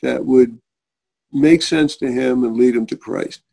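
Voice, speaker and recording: Gravelly, husky middle-aged man. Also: mid-range voice, unhurried. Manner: earnest, animated storyteller who acts out quoted voices. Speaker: guest. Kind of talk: telling a personal faith story.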